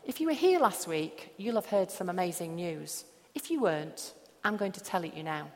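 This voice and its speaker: A woman pastor preaching a sermon, slow and emphatic with long pauses. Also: fairly low pitch, animated, a little mellow. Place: church hall. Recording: echoey hall.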